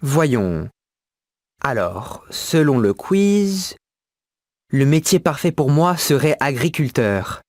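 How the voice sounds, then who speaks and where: A young student thinking aloud in a textbook listening exercise. He speaks very slowly, and his voice rises and falls a lot. The recording is dry and close. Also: on the high side, very animated, darkish tone, no echo. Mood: thoughtful. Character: young man student reading quiz result. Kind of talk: scripted textbook listening dialogue.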